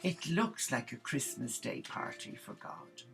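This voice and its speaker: A man tells a comic story with gossipy relish. His voice is gravelly, and faint music plays in the background. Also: medium pitch, measured pace, poor audio. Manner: gossipy, animated.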